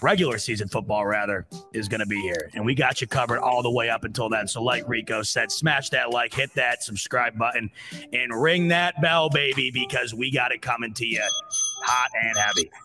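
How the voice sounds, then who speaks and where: A man hosting a casual sports podcast, talking in a hyped, energetic way. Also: mid-range voice, moderate pace, over music. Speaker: podcast host.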